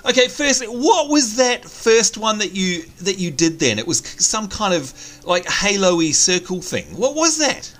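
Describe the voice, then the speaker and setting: High lively guy hosting a lets play, teasing and laughing a lot. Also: normal speed, few pauses. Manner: excitable, teasing, laughs often. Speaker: let's play host. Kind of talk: casual gaming commentary.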